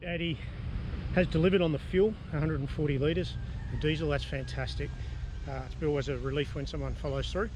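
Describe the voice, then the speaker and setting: A man's voice: on the high side, steady tone, fairly quick, noisy background. A man, chatting enthusiastically as he vlogs his sailing travels outdoors. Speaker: sailing vlogger. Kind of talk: casual travel vlog narration. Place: outdoors, boat and road travel.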